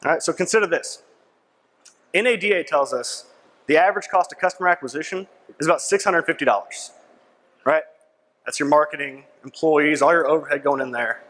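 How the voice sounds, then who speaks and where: A young man with a fairly high, fairly bright voice gives a persuasive sales pitch at a conference, keeping it punchy and repeating key lines. He often asks the crowd "right?" The large conference hall adds a long, big-room reverb.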